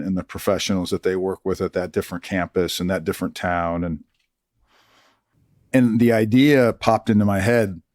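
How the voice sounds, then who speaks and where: This is a middle-aged man, formerly an army colonel, guesting on an interview where he tells stories conversationally. His voice sits low, he animatedly acts out quoted dialogue, and the clean studio audio has no echo.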